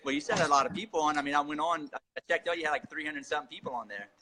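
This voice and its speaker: A man's voice: on the high side, rapid-fire, sharp tone. A man coaching real estate wholesalers on a live stream, talking energetically and greeting viewers by name as he goes. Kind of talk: casual live-stream pep talk.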